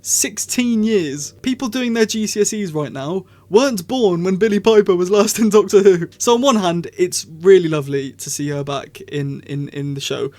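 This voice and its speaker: A man giving a casual spoken review, rambling and excitable, often correcting himself mid-sentence. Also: high-pitched, moderate pace, few pauses. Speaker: video reviewer.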